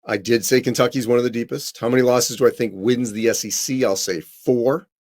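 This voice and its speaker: A man's voice: medium pitch, steady tone, brisk, darkish tone. Chatty man answering viewer questions. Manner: conversational, self-correcting, many ums. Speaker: college basketball correspondent. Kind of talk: live-stream Q&A answering chat questions.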